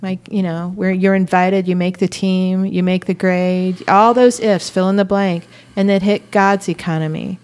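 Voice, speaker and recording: A woman in a faith-based conversation, telling stories in an animated way and laughing as she talks. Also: on the low side, moderate pace, few pauses, clear, resonant tone.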